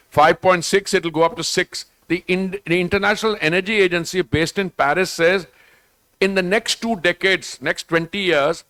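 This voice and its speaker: Older indian english guy rambling about at a panel, slips into hindi, voice a bit high, dry close sound. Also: pushed and bright, dry recording. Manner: discursive, digressive, mixes in Hindi phrases. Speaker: government minister. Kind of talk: panel conversation at a literature festival.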